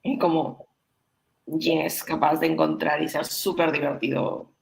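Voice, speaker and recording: A woman whose first language is Spanish, co-hosting a casual chat in a lowish, gravelly voice. She switches between languages and hesitates now and then. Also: flat delivery, normal speed, low-quality recording. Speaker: co-host.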